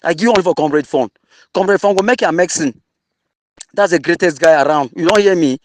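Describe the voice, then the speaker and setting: A man's voice: fairly high pitch, fast, a little hiss or hum. A man with a Cameroonian English accent mixing in Pidgin, angrily insulting an opponent in an online audio debate. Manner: angry, insulting, mocking.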